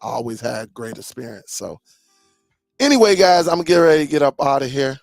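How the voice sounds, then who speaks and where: Over soft background music, a man in his forties hosts a laid-back live chat, full of stories and frequent uses of "man." His medium-pitched voice has lively intonation and vocal fry, runs fairly quick, and is dryly recorded.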